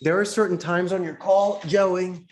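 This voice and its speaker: Animated man coaching sales tactics. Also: sits high, measured pace, a little hiss or hum. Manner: enthusiastic, acts out phone calls with bright voices. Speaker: call center CEO, interview guest. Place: in Costa Rica.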